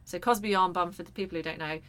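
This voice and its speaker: A woman in her thirties, a podcast co-host telling an animated, sweary story in casual chat. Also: lowish voice, fast talker, smooth.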